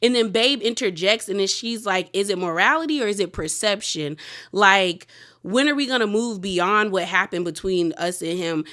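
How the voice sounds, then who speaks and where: A woman's voice: mid-range voice, moderate pace, fairly bright tone. Chatty woman recapping a TV episode. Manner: chatty, lots of "like", sassy asides and laughs. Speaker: TV recap host.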